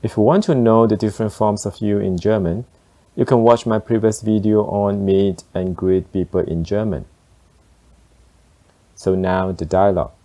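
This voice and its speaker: A man teaching beginner German phrases, explaining slowly and deliberately. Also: on the low side, warm tone. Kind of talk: beginner language lesson.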